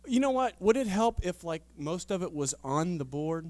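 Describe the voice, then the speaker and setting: Man, high voice, retreat speaker, halting, self-deprecating, reads a story aloud in a casual seminar. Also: expressive, darkish tone, dry recording.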